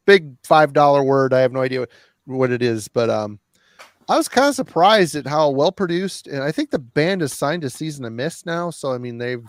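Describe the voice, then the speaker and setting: A man's voice: mid-range voice, smooth, no echo. A man hosting a podcast, chatting casually about records he has been listening to, rambling and laughing at himself. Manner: laughing, self-deprecating and rambling. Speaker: podcast host. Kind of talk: casual chat.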